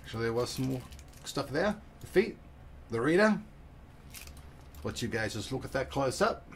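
A man doing a gruff pirate voice in a playful way while unboxing a product, with sound effects between his words. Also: mid-range voice, very animated, normal speed, a little hiss or hum.

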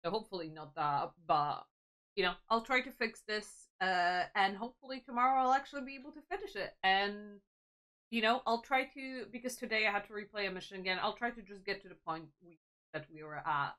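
A woman's voice: mid-range voice, fairly quick, fairly bright tone. A woman streamer chatting casually over gameplay, rambling and self-deprecating, with many fillers. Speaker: game streamer.

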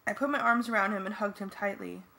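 A woman's voice: mid-range voice, fast talker, creaky, pushed and bright. A woman giving earnest first-person narration for a fan audiobook.

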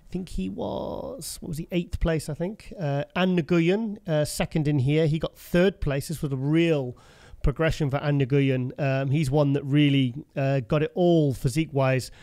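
A man's voice: fairly high pitch, steady tone, unhurried, few pauses, warm tone. A British man hosting a podcast interview, enthusiastic and chatty, often repeating himself and calling his guest mate. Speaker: podcast host. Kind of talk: casual interview chat.

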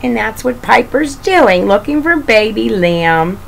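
A woman reads a picture book aloud to young children, slowly and gently. Her voice is lively and sing-song, with a gravelly edge, and she stops for doting asides to the child. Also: on the high side, poor audio. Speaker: reader of children's books.

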